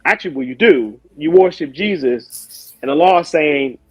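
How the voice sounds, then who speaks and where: A man taking part in a casual spoken debate over a video call, talking in loose asides and quick self-corrections. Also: a little high, lively intonation, breathy edge, no room sound, rough recording. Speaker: Muslim guest in a debate.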